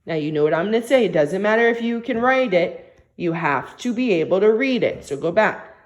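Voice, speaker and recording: A woman teacher giving a recorded phonics lesson to young children, dictating words and sentences slowly and patiently with plenty of encouragement. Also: medium pitch, animated, darkish tone.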